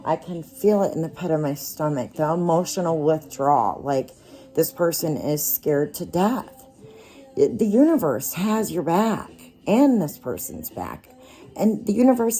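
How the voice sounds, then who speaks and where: A woman lays out tarot cards for her listeners, speaking slowly and reassuringly in a low, mellow voice. Faint music plays quietly behind her. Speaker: tarot reader. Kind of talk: casual tarot card reading.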